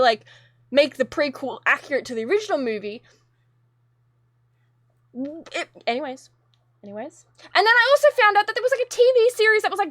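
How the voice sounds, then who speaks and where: A young woman with a very high voice rants to her stream chat, rambling and exasperated, swearing freely. Her voice sits close and dry on the mic, with no room around it. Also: a bit bright, no room sound. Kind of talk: casual ranting to a live chat.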